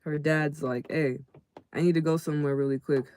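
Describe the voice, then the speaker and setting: A man casually telling a story to his live chat in a slangy, animated way, acting out the people in it. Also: on the high side, fairly quick, clear, resonant tone. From California. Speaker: livestream host.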